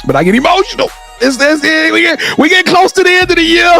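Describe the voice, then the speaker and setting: A man hosting a sports talk show, hyping his guest up and closing the episode with emphatic, shouted praise. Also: very high-pitched, animated, fast talker, vocal fry, faint music behind. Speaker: podcast host. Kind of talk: energetic sports show sign-off.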